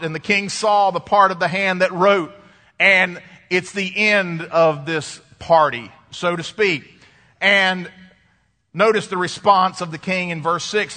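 Male preacher, high and bright, expressive delivery with dramatic pauses, long hall reverb. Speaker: pastor. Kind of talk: sermon.

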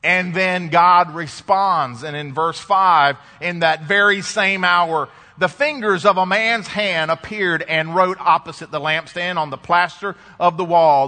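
Bright-voiced preacher in a reverberant hall. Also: male voice, sits high. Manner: expressive preaching, dramatic pauses, reads scripture aloud. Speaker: pastor. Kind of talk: sermon.

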